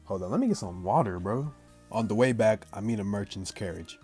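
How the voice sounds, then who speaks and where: Low-voiced male streamer reading a visual novel aloud, with slangy asides to chat. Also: expressive, a little fast, warm tone, faint music behind. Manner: plain read-aloud, breaks off into slangy chat to viewers. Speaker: gaming channel host.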